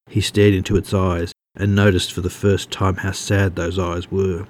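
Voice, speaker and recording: A man reading a story aloud in steady, measured audiobook narration. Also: deep voice, slight background noise.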